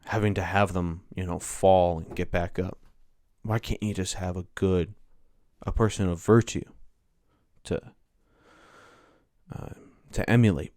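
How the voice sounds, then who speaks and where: A man's voice: low-pitched, fairly even intonation, a little slow, a little mellow, dry recording. A man hosting a solo podcast, talking casually and rambling, interrupting himself as he goes. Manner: rambling, self-interrupting, offhand. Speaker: podcast host.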